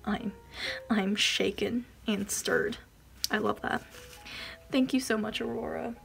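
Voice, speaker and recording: A woman vlogger chatting casually as she unboxes a package, gushing and giggling, often dropping into soft whispers. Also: on the high side, steady tone, takes it slowly, vocal fry, soft background music.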